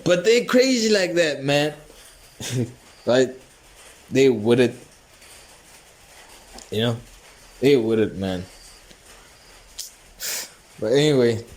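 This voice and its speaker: A man hosting a comedy podcast, telling a rambling, profane story and laughing often. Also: mid-range voice. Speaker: podcast host.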